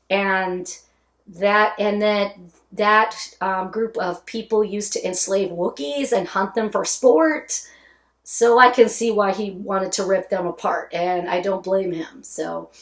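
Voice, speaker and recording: A woman hosting a reaction video, talking casually in a chatty way with lots of fillers and restarts. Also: medium pitch. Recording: echoey room.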